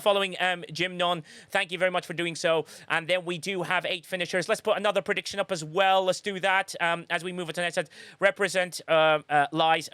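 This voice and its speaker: A man with a fairly high voice calls a marble race on a live stream, jumping between jokes, shout-outs and play-by-play. His delivery is excitable and playful, and the sound is close and dry, with no room around it. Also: dry recording. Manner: jokey, excitable, slips into mock accents.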